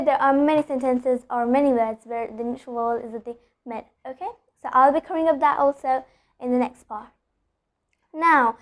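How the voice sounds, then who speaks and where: A woman with a high-sitting voice teaches an online pronunciation lesson step by step. She repeats example sentences and often checks in with a quick "okay?".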